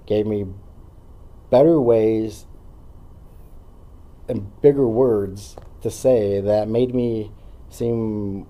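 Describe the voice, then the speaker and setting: A man's voice: lowish voice, steady tone, very slow, long pauses, mellow. A man in his thirties, a guest talking earnestly in casual conversation and rambling with fillers.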